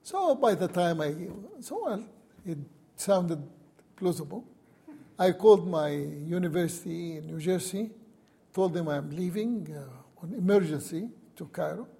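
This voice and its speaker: A man's voice: high-pitched, lively intonation, measured pace, vocal fry, mellow, slightly rough. A man, a university professor, telling a personal story and recounting events with wry chuckles.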